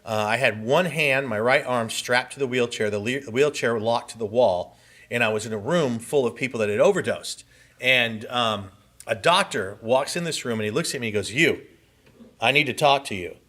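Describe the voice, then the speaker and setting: A Southern California man of medium pitch and fairly bright tone speaks at a moderate pace in a conference hall. He gives a personal testimony speech, telling his own story in vivid, earnest first-person terms.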